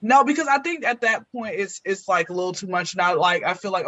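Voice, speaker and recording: A woman co-hosting a podcast in casual group chat, bubbly and halting, with many restarts. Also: on the high side, animated, fairly bright tone, dry recording. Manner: bubbly, talks with lots of restarts. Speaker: podcast co-host.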